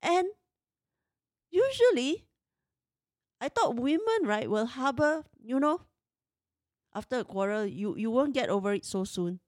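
A woman's voice: high voice, very animated, measured pace, long pauses, darkish tone, no echo, studio quality. A woman in her fifties tells a personal story in an emotional, exasperated way. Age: 50s.

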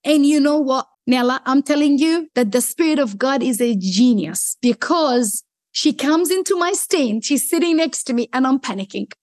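Aussie woman, high voice, dry close sound, gets all excited acting out the conversations. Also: moderate pace, no room sound. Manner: excitable, acts out dialogue with rising pitch. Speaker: guest sharing a faith testimony. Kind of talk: animated storytelling interview.

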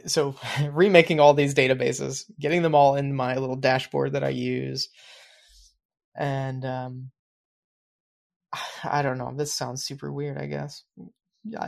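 This man's voice is medium in pitch and level in tone, a little slow and marked by vocal fry. Co-hosting a podcast, he chats casually, reflecting and rambling with lots of fillers while going on at length about how he plans things.

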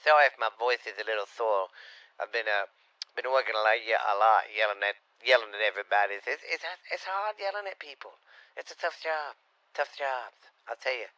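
A man's voice: on the low side, a little fast, sharp tone, dry recording, lo-fi sound. A man playing a brash, proud, middle-aged Louisiana uncle who talks in boastful slang and rhyming catchphrases, with a slightly sore voice, as a comic podcast monologue. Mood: rambling. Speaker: comedy podcast character.

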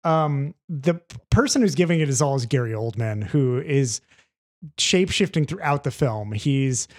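A man co-hosting a film podcast in casual chat, animated and rambling, swearing freely. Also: mid-range voice, normal speed. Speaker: podcast co-host reviewing films.

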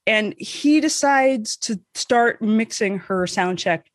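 A woman co-hosting a podcast, telling a story in casual chat, animated and swearing freely, acting out the voices she quotes. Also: mid-range voice, takes it slowly, no room sound, clean studio sound. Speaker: podcast co-host.

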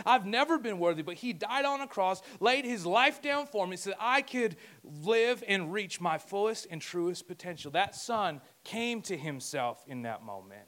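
A man's voice: high voice, fairly bright tone. A man preaching a conversational sermon as pastor, joking and talking asides to himself.

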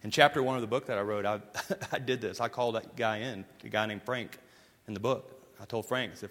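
A man preaching a sermon as pastor, telling stories emphatically and moving between forceful lines and hushed ones. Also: fairly low pitch, fairly quick. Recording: long hall reverb.

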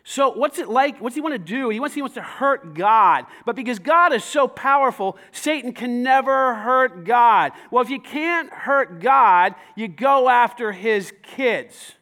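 A man preaching to his church, talking conversationally with many rhetorical questions and rising to shouts. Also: very high-pitched, expressive, a little slow, hardly any pauses. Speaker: pastor. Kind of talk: sermon.

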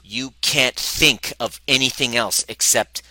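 A man coaching a live workshop audience, animated and profane, who speaks to them directly and acts out the voices of the people he quotes. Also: mid-range voice, measured pace, dry recording, low-quality recording. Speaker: relationship coach.

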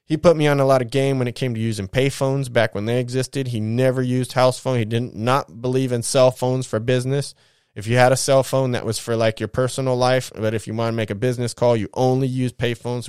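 A man's voice: mid-range voice, smooth, no echo, clean studio sound. A man hosting his own show, telling his life story in a casual, slangy, profane way and acting out the people in it. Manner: profane, slangy street talk; animated retelling with quoted voices.

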